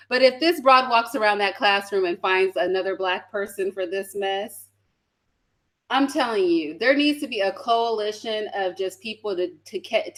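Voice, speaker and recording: A woman's voice: a little high, fairly bright tone. A woman giving casual reaction commentary on a video, blunt and sassy, swearing and laughing as she talks.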